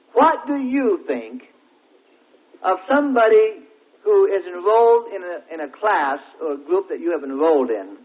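A man with a very high-pitched voice delivers a sermon, leaning on folksy everyday stories and stretched-out, pointed questions. The sound is thin and tinny, as if carried over a narrow phone-like line. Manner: folksy storytelling with everyday examples; drawn-out, emphatic questions. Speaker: preacher. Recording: tinny, narrow-band old recording.

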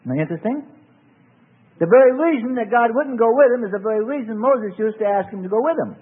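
A man's voice: very high voice, lively intonation, fast, breathy edge. A man preaching a sermon in a rising and falling cadence, asking the listeners repeated questions. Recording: tinny phone-like old recording.

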